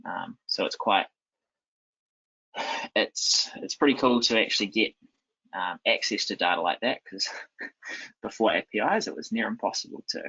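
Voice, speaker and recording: A man giving a live software demo at a conference, talking loosely with many ums and restarts. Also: fairly low pitch, moderate pace, gravelly, long pauses, slightly rough. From New Zealand. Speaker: conference presenter. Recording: dull lo-fi sound.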